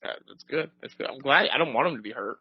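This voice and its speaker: A young man co-hosts a podcast in a loose, rambling chat full of fillers. His voice sits at an ordinary pitch. The recording is dull and dry, close to the mic with no room. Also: lively intonation, quick pace, breathy edge, no echo. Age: young adult. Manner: rambling, tangent-prone, many fillers. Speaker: podcast co-host. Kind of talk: casual chat.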